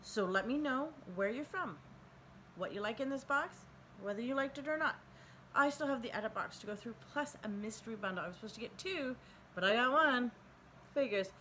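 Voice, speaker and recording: A woman's voice: fairly high pitch, lively intonation, a little fast, sharp tone, low-quality recording. A woman from Canada hosting a casual beauty unboxing vlog at home, chatty and enthusiastic. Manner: chatty, enthusiastic, talks baby-talk to her dogs. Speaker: beauty channel host. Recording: home video with clear background noise.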